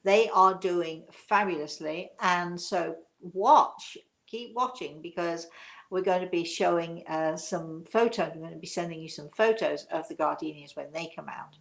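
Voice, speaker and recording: A woman's voice: on the low side, unhurried, vocal fry. An older woman from England hosting a show, chatting casually and rambling with many fillers. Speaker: show host, medium.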